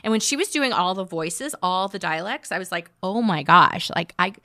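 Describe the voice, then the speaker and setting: A woman's voice: mid-range voice, lively intonation, brisk, bright, forceful tone, no echo. A woman co-hosting a podcast, chatting casually and animatedly, often self-deprecating. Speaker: podcast co-host. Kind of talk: casual chat.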